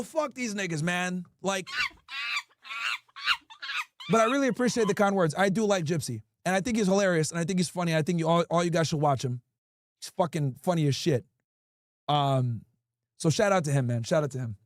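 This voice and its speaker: A man's voice: a little high, fairly quick, long pauses, dry recording. A man hosting a livestream, chatting casually with his audience and reading their comments aloud in a blunt, profane way. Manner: blunt, profane, talks straight to chat. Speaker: livestream host.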